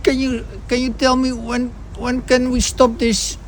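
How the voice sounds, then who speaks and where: A man's voice: extremely high pitch, completely flat delivery, a little slow, a little hiss or hum, voice pushed up. A man voicing an impatient, complaining patient who is fed up with waiting. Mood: whining. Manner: whiny and complaining. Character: impatient man lying in a treatment for days.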